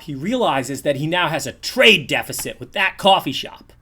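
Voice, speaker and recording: A man's voice: on the high side, fairly bright tone. A man, ranting bluntly and profanely during a livestream, often rambling and repeating words. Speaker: streamer.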